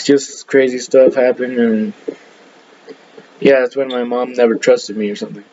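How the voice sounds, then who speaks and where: A man's voice: medium pitch, steady tone, unhurried, a little mellow, muffled recording, a little hiss or hum. A young man rambling through casual stories, full of fillers and self-corrections, laughing at himself. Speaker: podcast storyteller.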